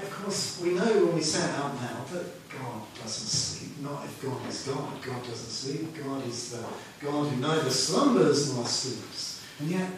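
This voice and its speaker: A man with a slightly high voice preaches a sermon like he's telling a story in conversation, sometimes half-singing lyrics. He's recorded from far off in an echoey room, with slight background noise.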